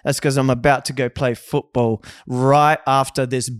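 A man's voice: medium pitch, flat delivery, normal speed, clear, resonant tone, no echo, studio quality. A man co-hosting a podcast, chatting loosely with laughter and swearing. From Australia. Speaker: podcast co-host. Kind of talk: casual podcast chat.

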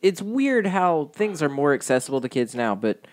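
A young adult man, a comedian, in casual podcast chat with quick agreeing interjections. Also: on the high side, sing-song.

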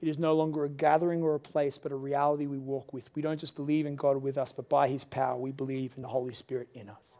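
A middle-aged man preaching a sermon as pastor, earnest and confessional, rising to loud pleading. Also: mid-range voice, level tone, fast talker, few pauses. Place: church service.

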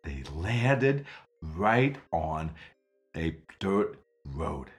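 A man narrating a children's story in an animated, dramatic way. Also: lowish voice, takes it slowly, faint music behind.

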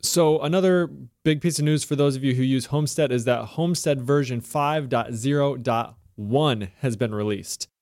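A man's voice: medium pitch, moderate pace, hardly any pauses, darkish tone, no room sound, clean studio sound. An American man co-hosting a casual tech podcast, chatty and enthusiastic as he walks through the news. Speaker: podcast co-host.

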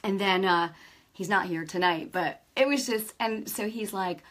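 A middle-aged woman giving a casual faith talk, telling stories with lively energy and often checking in with her listeners. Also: mid-range voice, unhurried. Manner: lively storytelling, acts out quoted dialogue; peppers speech with "right?" and "you know". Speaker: Christian speaker.

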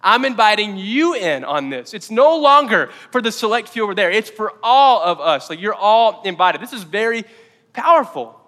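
A man preaching a sermon as pastor, energetic and quick to joke in asides. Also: high-pitched, in a large hall. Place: church auditorium.

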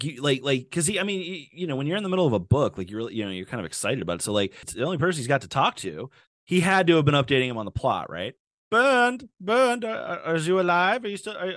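A man's voice: on the low side, dry recording. Podcast guy riffing and rambling, swears a lot, very dry close mic sound. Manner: rambling, joking, lots of filler and swearing. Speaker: podcast host. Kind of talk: comedic true-crime podcast chat.

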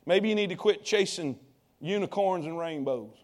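Male preacher, high tenor voice, calls out to the congregation, drops low then rises loud. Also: moderate pace. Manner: call-and-response preaching to congregation. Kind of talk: sermon.

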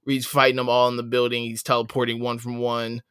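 A man co-hosting a podcast in casual, slangy anime chat, excited and laughing. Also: mid-range voice, brisk, smooth, no echo, clean studio sound. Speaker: podcast co-host.

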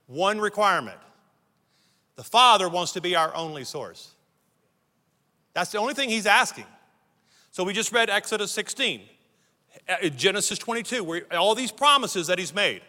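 A middle-aged man from the United States preaches with a high, forceful voice, driving his points home in stacked, repeated phrases. His words ring out with the long reverb of a large church hall. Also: big pitch swings, moderate pace, pauses often. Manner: emphatic preaching, building lists and repeated phrases. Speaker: pastor. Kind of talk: sermon. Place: church sanctuary.

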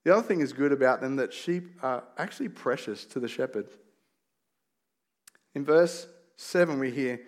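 A man's voice: medium pitch, expressive, moderate pace. A middle-aged man preaching a sermon as a pastor, in a conversational, storytelling way with rhetorical questions and casual asides.

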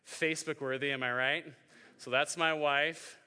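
A young pastor in his twenties tells a funny story in a sermon, playing out the voices of the people in it. His voice is bright and forward. It rings with the long reverb of a big hall. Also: fairly high pitch, fairly even intonation, normal speed, clear, resonant tone. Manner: joking storytelling, acts out voices. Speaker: youth pastor.

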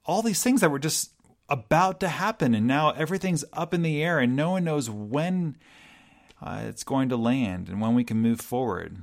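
A pastor delivering a reflective, gentle sermon, pausing often and restarting his sentences. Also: medium pitch, lively intonation, creaky.

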